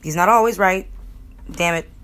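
A woman's voice: lowish voice, moderate pace, a bit bright, slight background noise. A young woman from Connecticut telling a personal story in a casual, rambling way, candid and emotional, swearing freely. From Connecticut, USA. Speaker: vlogger.

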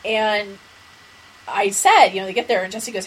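A woman co-hosts a podcast, chatting casually, spinning long rambling stories and laughing along the way. Her voice is medium-pitched at a normal speed, though the audio is poor and faint background noise is present.

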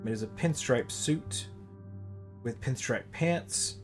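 A man's voice: medium pitch, takes it slowly. A man narrating a tabletop game as game master, describing scenes and laughing often. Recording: faint music behind.

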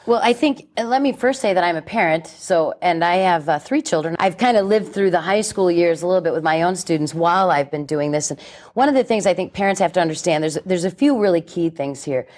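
Woman in her 40s, interview guest, forceful and blunt, preachy edge. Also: on the low side, fairly quick. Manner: emphatic, blunt, animated preaching tone. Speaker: chastity speaker, guest. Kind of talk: radio interview.

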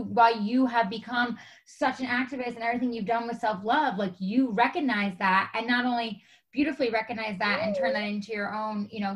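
A woman's voice: a little high, low-quality recording. A young adult woman hosting a podcast conversation, talking enthusiastically and chattily with many fillers. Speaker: podcast host.

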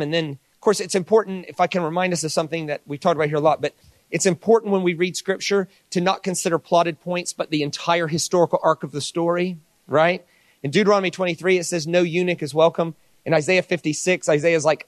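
A man preaching a sermon, telling stories with lively dialogue and playful asides. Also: high-pitched, brisk, dry recording. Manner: animated storytelling with mock voices. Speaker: pastor.

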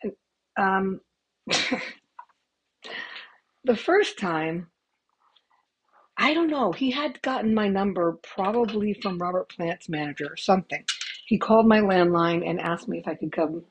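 A woman's voice: mid-range voice, measured pace, long pauses, husky, poor audio. A middle-aged woman telling stories casually into a headset microphone as a podcast host, chatty and swearing, with laughing asides. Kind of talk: casual storytelling.

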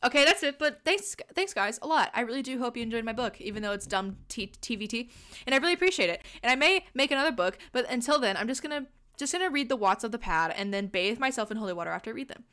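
A woman's voice: fairly high pitch, lively intonation, fast, sharp tone. A young woman hosting a podcast, reading a silly fanfiction aloud with playful, laughing asides. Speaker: podcast host.

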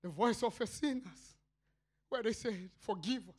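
A man with a South African accent preaching a sermon as a pastor, swinging between shouted cries and low murmured asides. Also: normal speed, slightly rough.

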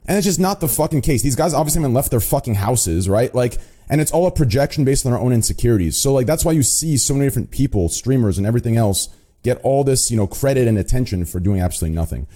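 A man's voice: mid-range voice, lively intonation, fast, mellow. A young man streamer rambling and swearing in a casual group call, repeating himself to make a point.

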